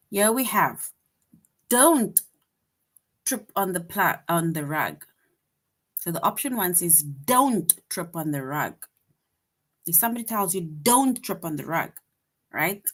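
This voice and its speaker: A woman with a slightly low voice teaches a lesson for young children. She is patient and slow, drawing out the example sentences she reads aloud. She keeps checking in with "right?". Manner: checks in often with rhetorical "right?".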